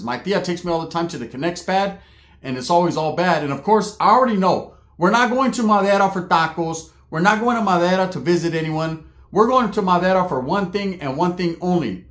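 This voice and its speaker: Man, comic storyteller, crude slangy delivery, higher register. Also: a little fast, fairly bright tone. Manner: slangy, crude, laughing asides. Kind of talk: comedic storytelling. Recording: roomy echo.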